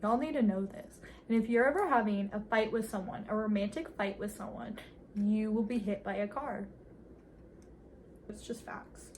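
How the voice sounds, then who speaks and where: A woman's voice: medium pitch, moderate pace, darkish tone, a little hiss or hum. A young woman casually recapping a movie with sarcastic, giggly commentary, playfully mimicking the characters' lines.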